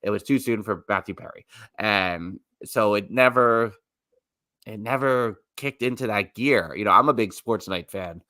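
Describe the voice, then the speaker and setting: Recorded with studio quality and no echo, this man co-hosts a podcast, speaking a little slowly in a lowish voice with a sharp tone. His talk is chatty and meandering, often stopping to correct himself.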